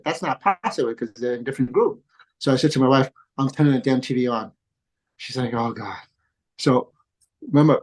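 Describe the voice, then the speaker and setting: Middle-aged man, golf coach, lively storyteller, laughs a lot, acts out quotes. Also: mid-range voice, rough recording. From came to the U.S. as a kid. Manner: excitable, laughs often, acts out quoted dialogue. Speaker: golf coach and father of a pro golfer. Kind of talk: animated storytelling in a podcast interview.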